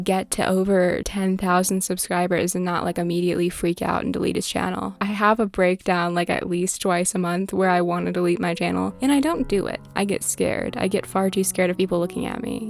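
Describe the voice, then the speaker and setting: A tired young woman rambling through casual gameplay commentary, animated and quick to swear and burst out in exaggerated complaints. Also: medium pitch, gravelly. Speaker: gaming YouTuber.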